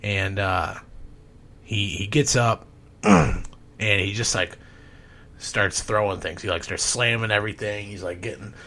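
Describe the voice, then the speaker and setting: A man who works as a home inspector tells a story in a casual, rambling podcast style, swearing often and clearing his throat. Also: fairly low pitch, a little slow, long pauses, pushed and bright.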